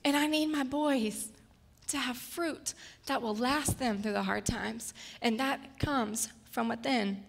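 Woman preacher in her thirties, storytelling sermon, slightly raspy edge. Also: fairly high pitch, slow pace. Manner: personal, storytelling, gets emotional and tearful at times. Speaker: guest speaker.

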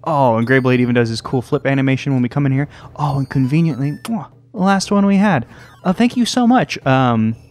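Guy doing let's play commentary, rambles, mocks himself, goofy high sing-song bits, faint game music behind. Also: lively intonation, brisk, a little mellow. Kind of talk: casual gameplay commentary. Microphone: desk microphone.

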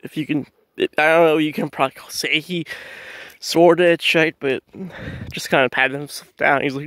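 A man's voice: on the high side, steady tone, normal speed, fairly bright tone, dry recording, studio quality. A young man telling a rambling story in a casual vlog, swearing freely and laughing often as he walks his dog in the woods. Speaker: vlogger. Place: outdoors in woods, walking dog.

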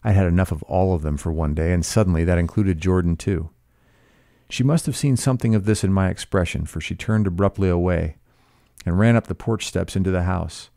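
A man reading a classic novel aloud in a measured, even narration. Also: low voice, gravelly, no room sound, studio quality. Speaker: audiobook reader.

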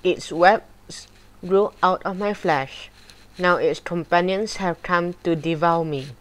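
Woman reader doing an old cursed corpse man in a spooky storybook: slow, low, grave. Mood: grim, mournful. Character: cursed old male corpse full of spiders.

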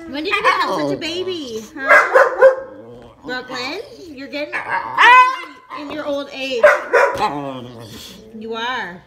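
A woman with a high voice that swoops up and down talks to her dogs at home, coaxing, scolding and praising them in turn. She speaks slowly, and the recording is noisy, with dog sounds and clicks behind her. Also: very animated. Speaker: dog owner vlogger. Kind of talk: casual home video.

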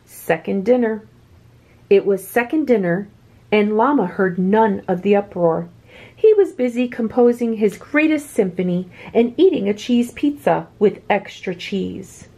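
A woman reading a children's picture book aloud with expressive, swooping delivery. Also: mid-range voice, a little slow. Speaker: children's story reader.

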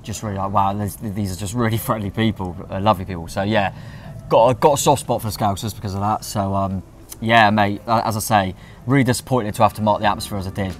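A man's voice: fairly low pitch, a little hiss or hum. A man co-hosting a fan channel, chatting enthusiastically and restarting his sentences often. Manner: rapid, restarts a lot, enthusiastic. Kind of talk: casual chat review.

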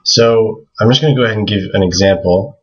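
A man with a very low, slightly husky voice explains a lesson in a relaxed, casual way, pausing on fillers and slowly repeating words to model them. The recording sounds dull and lo-fi. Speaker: language teacher.

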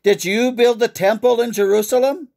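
A man's voice: fairly high pitch, steady tone, unhurried, vocal fry, darkish tone. A man voicing a cruel aging tyrant king who taunts and roars at his captive. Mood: taunting, raging. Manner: taunting, roaring outbursts.

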